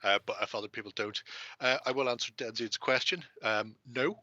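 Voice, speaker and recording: A man's voice: medium pitch, brisk, pushed and bright, no echo, highs cut off. A man hosting a casual chat, swearing and joking freely. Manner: sweary, laughing banter. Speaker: host.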